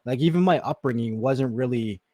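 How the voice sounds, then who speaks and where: A man's voice: fairly quick, dry recording. A man from Canada co-hosting a podcast, talking frankly and reflectively in casual chat. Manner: reflective, talks frankly, often drops low and quiet. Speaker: podcast co-host.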